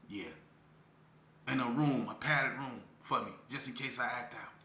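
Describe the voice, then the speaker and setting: A man's voice: mid-range voice, bright, forceful tone. A man from Las Vegas speaking earnestly and emotionally to parents, repeating phrases for emphasis as he tells his story. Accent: Las Vegas street speech. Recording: echoey room with faint ambience.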